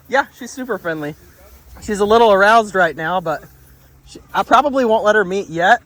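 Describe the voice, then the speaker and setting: A man working as a dog trainer. He talks outdoors in a relaxed, chatty way, explaining his methods and often praising the dog. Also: high-pitched, moderate pace, low-quality recording. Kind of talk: casual explanation on a training walk.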